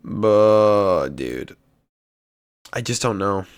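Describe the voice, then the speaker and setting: A young man casually talking through fight predictions, cursing often and changing his mind out loud. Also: on the low side, lively intonation, extremely slow, clean tone. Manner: indecisive, swears often, flips picks. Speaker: MMA prediction YouTuber. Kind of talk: casual solo prediction talk.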